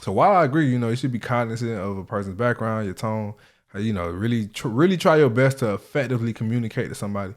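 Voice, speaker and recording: A man's voice: medium pitch, quick pace. A man hosting a casual reaction video, talking in a loose, profane, slang-heavy way.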